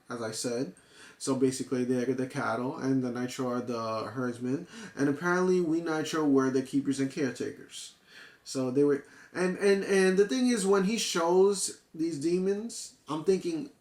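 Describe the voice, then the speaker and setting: A man's voice: mid-range voice, reverberant. A man reviewing a manga chapter in casual, profane talk, often restarting and getting worked up. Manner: excitable, profane, full of restarts and fillers.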